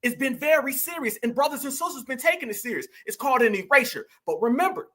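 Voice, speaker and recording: Fiery high-voiced man ranting to viewers. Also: animated, fast, fairly bright tone. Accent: African American Vernacular English. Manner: preachy, repetitive, addresses viewers as family. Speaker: political commentary host. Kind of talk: fiery monologue to an online audience.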